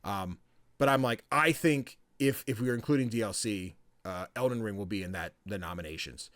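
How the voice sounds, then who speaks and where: A man's voice: fairly low pitch, fairly quick, fairly bright tone, no room sound, clean studio sound. A young man hosting a podcast, chatting casually about video games in a loose, swearing, playful way. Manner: loose and chatty, swears freely, acts out game characters. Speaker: podcast host.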